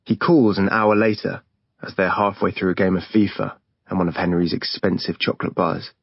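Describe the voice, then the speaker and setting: A man narrating an audiobook in a steady, plain storytelling manner. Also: low voice, a little fast, vocal fry, breathy edge, dry recording. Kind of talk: scripted narration. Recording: dull dry lo-fi recording.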